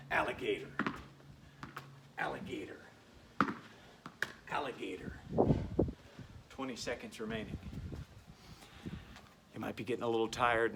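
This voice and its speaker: A man's voice: medium pitch, far from the mic, background noise. Playful male PE coach. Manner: upbeat, playful, encouraging. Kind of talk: home workout instruction.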